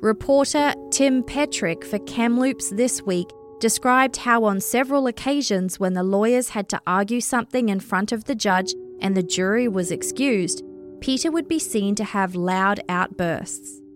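A woman of middle pitch tells a true crime story in a steady, scripted narration. Her delivery is measured and even, with faint music underneath.

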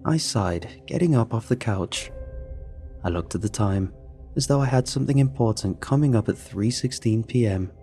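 A man reading a first-person story in a steady, dry narrating manner. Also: medium pitch, normal speed, soft background music.

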